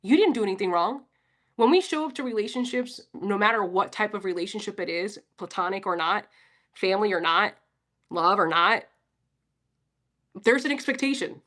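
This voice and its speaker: A woman's voice: medium pitch, animated, moderate pace, pushed and bright. A woman from Philadelphia giving a casual, profane pep talk on a livestream and answering her chat. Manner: blunt, profane, talks straight to chat.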